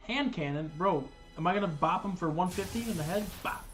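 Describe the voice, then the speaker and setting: A gaming streamer with a slightly high voice commentates his play casually and briskly, thinking out loud and cursing when things go wrong. Faint game music plays in the background.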